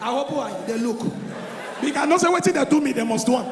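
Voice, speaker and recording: Loud high-voiced Nigerian comedian on stage. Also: male voice, quick pace, slight background noise. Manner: loud, excitable, often shouting. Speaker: stand-up comedian. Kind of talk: stand-up comedy routine. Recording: echoey live venue with crowd.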